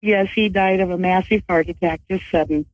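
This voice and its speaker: A woman caller giving short, soft answers during a psychic reading, with small shy laughs. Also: lowish voice, fairly even intonation, a little fast, dry recording, poor audio.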